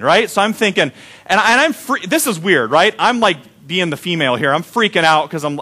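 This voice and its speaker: A pastor giving a sermon, telling stories in a conversational, animated way. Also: male voice, high voice, brisk.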